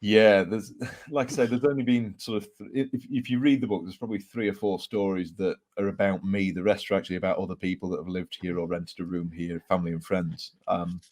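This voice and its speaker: With a deep voice, a slightly fast pace, and few pauses, this English author tells ghost stories as an interview guest. The chat is casual, and he's animated, laughing often and filling gaps with fillers.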